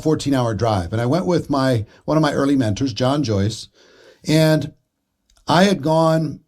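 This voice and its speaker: A man's voice: on the high side, darkish tone. A middle-aged man giving a daily motivational talk on business, telling stories in a casual, conversational way with rising emphasis. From Minnesota, USA. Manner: storytelling, conversational, with rising emphasis and sound effects. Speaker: network marketing trainer.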